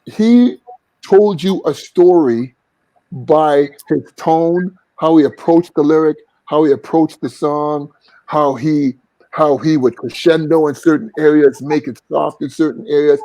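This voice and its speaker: A man's voice: on the high side, a little slow, warm tone, no room sound, poor audio. A man, a singer and vocal coach, talking earnestly as a guest in an interview. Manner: earnest, reflective, sings short vocal examples. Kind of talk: casual interview talk.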